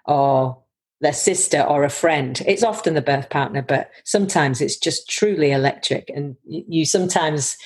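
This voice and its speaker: A woman midwife giving an earnest, reflective account of her work, often pausing to search for words. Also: low-pitched, slightly rough.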